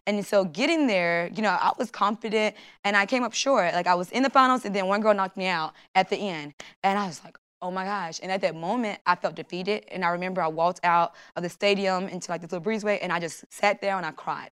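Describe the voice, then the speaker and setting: A woman's voice: medium pitch, quick pace, a bit bright, smooth. A young woman, an Olympic long jumper, talking as a guest in a casual interview and acting out her own thoughts as she tells her story.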